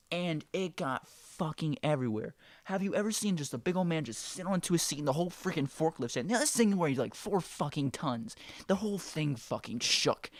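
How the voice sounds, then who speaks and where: A man's voice: a little high, no room sound, studio quality. A man casually telling a rambling work story, swearing freely and fighting off laughter. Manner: profane, rambling, chuckling.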